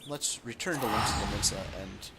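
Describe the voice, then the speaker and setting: A man hosting a let's play, giving relaxed game commentary and thinking aloud with fillers. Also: lowish voice, a little fast, over loud music.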